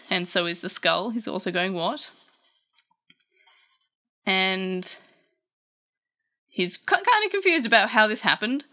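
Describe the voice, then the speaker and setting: Woman casually recapping a comic chapter, bright voice, chatty and animated. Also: medium pitch, clear, resonant tone. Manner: chatty, animated, self-correcting. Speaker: manga recap host.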